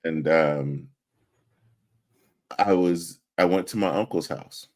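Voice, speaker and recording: A man with a fairly low voice co-hosts a podcast in casual conversation. He asks questions and talks things through with frequent restarts and hesitations. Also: takes it slowly, darkish tone. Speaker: podcast co-host. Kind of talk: casual chat.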